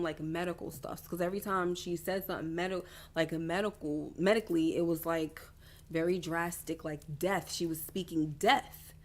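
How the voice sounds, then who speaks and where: A woman hosting a faith-based wellness livestream, talking candidly and confessionally to her viewers in loose, rambling sentences. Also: lowish voice. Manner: rambling with frequent restarts and asides. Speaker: doctoral student. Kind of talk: casual livestream chat.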